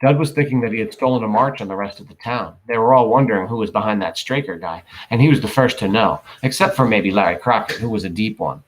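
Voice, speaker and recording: A man reading a novel aloud, casual, pausing to correct himself and comment. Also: lowish voice, a little hiss or hum, poor audio. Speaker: audiobook reader.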